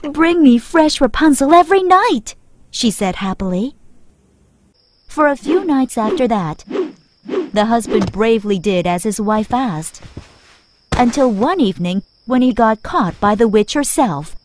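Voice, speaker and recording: Female storyteller for a children's fairy tale, clear and expressive, measured pace. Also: medium pitch, slight background noise. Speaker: narrator. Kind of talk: scripted storybook narration for children.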